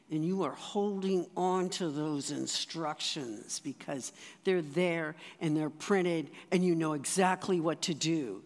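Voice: mid-range voice, slow pace. A speaker giving sermon teaching to a congregation in a conversational way, with rhetorical asides to the listeners. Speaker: church teacher. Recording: long reverb in a large hall.

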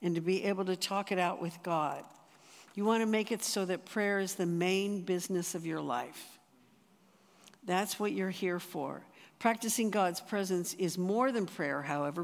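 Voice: medium pitch, vocal fry. A speaker giving a sermon through a personal story, talking conversationally with frequent restarts. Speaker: speaker at a church or retreat. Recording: reverberant hall.

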